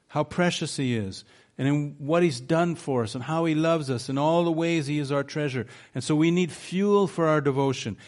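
A man's voice: mid-range voice, darkish tone. Man preaching an earnest sermon. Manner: earnest preaching with rhetorical questions. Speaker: pastor.

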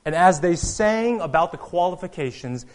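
A man preaching a sermon earnestly, rising to loud proclamations and dropping to quiet asides. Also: sits high, animated, moderate pace. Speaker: pastor.

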